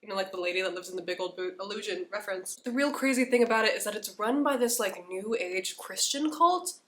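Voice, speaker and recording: A woman's voice: medium pitch, quick pace, a bit bright. Congested young woman gushing about books. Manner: rambling, gushing, self-deprecating. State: congested with a cold. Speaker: book vlogger. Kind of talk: casual book review vlog.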